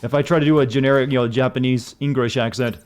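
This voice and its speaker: A man's voice: medium pitch, steady tone, fast talker, darkish tone. Joking man rambling over gameplay. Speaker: streamer playing a video game. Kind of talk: casual gameplay commentary.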